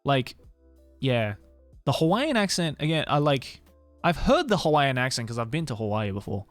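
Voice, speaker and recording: With soft music behind him and no room sound, a young Australian man speaks a little fast in a slightly high voice with lively intonation. He chats loosely with his stream viewers, swearing and laughing a lot.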